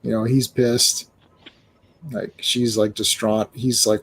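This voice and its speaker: A man hosting a casual comic book discussion, animated, with stammering restarts and acted-out quotes. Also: on the low side, unhurried, gravelly, breathy edge. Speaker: comic book show host.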